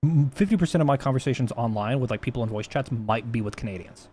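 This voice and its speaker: A man's voice: mid-range voice, fast, dark tone, slight background noise. A man streaming casually while he codes, rambling and swearing, often restarting his sentences. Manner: rambling, profane, frequent restarts. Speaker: livestreamer. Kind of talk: casual livestream chat while coding.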